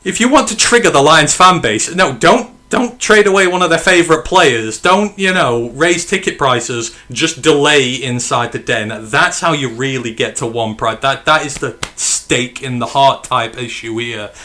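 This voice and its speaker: A man runs the podcast, chatting loosely and swearing freely between listener questions. His voice is bright and forward, with plenty of edge. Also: mid-range voice, normal speed, hardly any pauses. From England. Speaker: podcast host. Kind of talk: casual podcast chat.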